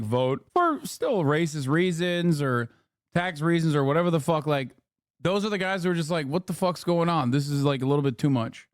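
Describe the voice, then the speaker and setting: A man's voice: a little high, dry recording, studio quality. A man streaming and commenting on video clips in a profane, mocking, conversational way. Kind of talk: casual commentary.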